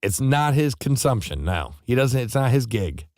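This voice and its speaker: Male radio host, Pacific Northwest American accent, wildly animated pitch, dry close mic; rowdy banter. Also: moderate pace, no room sound. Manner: excitable, shouty cheering, loose and joking.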